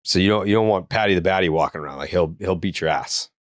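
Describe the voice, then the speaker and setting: A man's voice: low voice, quick pace, no echo, clean studio sound. A man from the Boston area with a faint Boston accent, co-hosting a podcast and telling rambling stories with plenty of swearing and restarts. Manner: loose storytelling, swears freely, many likes and restarts. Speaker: podcast co-host. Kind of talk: casual chat.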